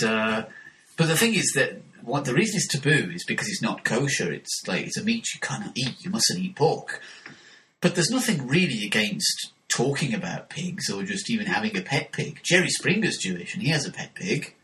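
A man chatting casually and telling an anecdote in an animated way. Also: on the low side, normal speed, poor audio. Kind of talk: casual chat.

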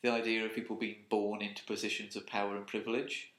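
A man's voice: on the low side, flat delivery, fast talker, noisy background. A man co-hosting a podcast in casual chat, jokey and rambling. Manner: jokey, rambling, puts on silly voices. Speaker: podcast co-host. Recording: roomy echo.

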